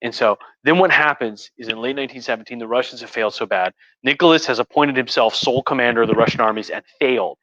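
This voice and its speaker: A man's voice: mid-range voice, fast, few pauses, pushed and bright. Tipsy man, crude rambling history talk. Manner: crude, profane, rambling with restarts. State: tipsy from wine. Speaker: host. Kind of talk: casual livestream history talk. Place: home room. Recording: dull, muffled audio.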